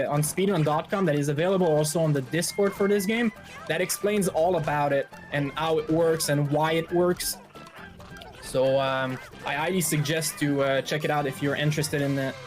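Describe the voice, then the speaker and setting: A speedrunner giving relaxed, filler-heavy live commentary while playing, a little out of breath. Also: medium pitch. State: slightly out of breath.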